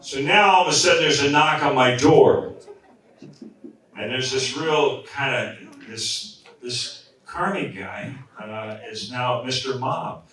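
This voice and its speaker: A man's voice: medium pitch, takes it slowly, fairly bright tone. Man telling a rambling comic story. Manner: rambling, self-interrupting, playful storyteller. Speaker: magician telling a story at a memorial. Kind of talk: comic anecdote to an audience. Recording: echoey hall, far from mic, crowd.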